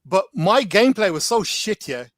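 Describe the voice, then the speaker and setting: A man's voice: sits high, big pitch swings, moderate pace, a bit bright, dry recording. A man, a guest in a casual chat, telling stories animatedly with lots of slang and filler words. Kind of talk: casual storytelling.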